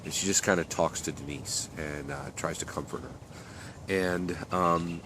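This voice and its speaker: Low-voiced man rambling through a story. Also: steady tone, unhurried, a bit bright, a little hiss or hum. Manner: rambling, many fillers and restarts. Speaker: author telling his story. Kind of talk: unscripted story narration.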